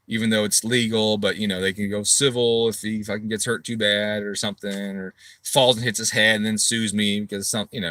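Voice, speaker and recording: A middle-aged man telling a story casually to camera, swearing freely and acting out his own quoted replies loudly. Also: fairly low pitch, no echo. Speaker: tuning shop owner.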